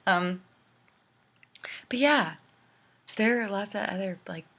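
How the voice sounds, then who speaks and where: A woman's voice: mid-range voice, slow pace, bright, forceful tone. A young woman ranting candidly in a casual video letter to a friend, often dropping to a whisper. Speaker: vlogger.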